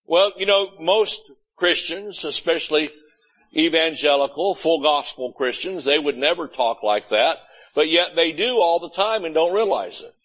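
A man's voice: on the high side, moderate pace, a bit bright, rough recording. A man preaching a sermon as pastor, folksy and blunt, often mimicking complaining churchgoers. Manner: folksy, blunt preaching with mocking quoted voices. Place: church sanctuary.

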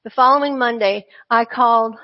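Woman, churchgoer, earnest conversational testimony, slightly high voice, muffled lo-fi sound. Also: normal speed. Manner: earnest, conversational, with frequent asides. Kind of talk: personal testimony storytelling. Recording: dull lo-fi recording.

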